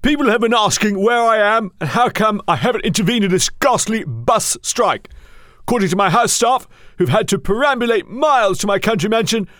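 A man puts on a snobbish older aristocrat lord in a radio comedy sketch, drawling every word with plummy haughtiness. The voice sits very high for a man and sounds close and dry. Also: expressive, brisk, a bit bright, no room sound.

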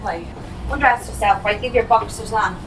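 A woman working in a tanning salon, giving brisk, matter-of-fact instructions. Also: medium pitch, background noise.

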